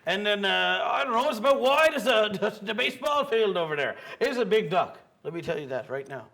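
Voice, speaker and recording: A man's voice: sits high, very animated, gravelly, bright, forceful tone, heavily acted. Young man playing a rambling fisherman. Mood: excited. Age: young adult. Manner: hesitant, full of fillers, chuckling, quick to get worked up. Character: rambling excitable male fisherman. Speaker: interviewee. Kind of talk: student comedy news skit.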